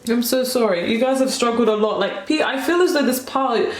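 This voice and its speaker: A woman's voice: a little high, brisk. A woman in her twenties giving a rambling, emotional tarot card reading, full of "like" and apologies. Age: 20s. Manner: emotional, rambling, heavy use of "like". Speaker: tarot reader. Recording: roomy echo.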